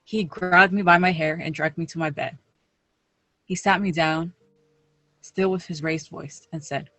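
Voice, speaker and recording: A teenage girl giving a live personal storytelling performance on stage, slow and emphatic in a dramatic delivery to an audience. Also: deep voice, steady tone, pushed and bright, dry recording. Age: teens. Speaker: teen storyteller.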